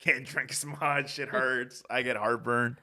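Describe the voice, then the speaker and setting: A man's voice: medium pitch, fairly even intonation, measured pace, pushed and bright. A young man hosting a podcast, telling rambling stories in casual chat and swearing a lot. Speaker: podcast host.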